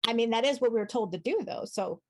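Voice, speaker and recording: A woman's voice: fairly high pitch, expressive, quick pace, a little mellow. A woman playing in a tabletop game, chatting and thinking aloud about her moves. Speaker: player. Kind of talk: casual tabletop play.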